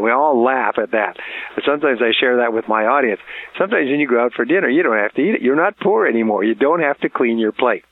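A man's voice: medium pitch, lively intonation, fast talker, no room sound. A middle-aged man giving an earnest talk on parenting, repeating key words for emphasis and chuckling at his own stories. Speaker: motivational speaker. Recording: tinny phone-like audio.

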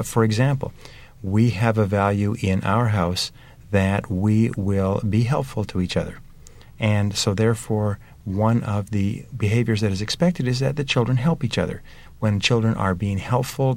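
Low gravelly-voiced man telling stories. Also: a little mellow. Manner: earnest storytelling with examples. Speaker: parenting speaker.

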